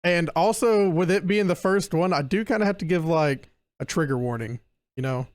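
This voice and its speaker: A young man hosts a relaxed podcast chat with a fairly high voice. He reads from his notes, breaking into laughs and fumbling unfamiliar names. The sound is dry, with no room around it. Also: moderate pace, no room sound. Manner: laughs often and stumbles over names while reading notes. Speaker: podcast host presenting a case.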